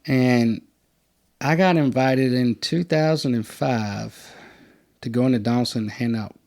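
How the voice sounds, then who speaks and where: Male podcast host, conversational and animated, mid-range voice. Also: measured pace, gravelly. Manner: animated storyteller, acts out quotes in a higher voice. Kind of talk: casual storytelling chat.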